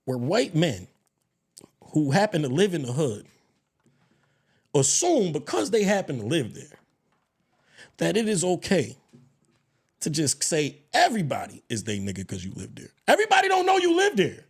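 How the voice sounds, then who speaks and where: Animated, high-voiced man telling a story. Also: a little slow, long pauses, husky. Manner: animated storytelling, swears freely, swings pitch and loudness. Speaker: podcast co-host. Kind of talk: casual podcast chat.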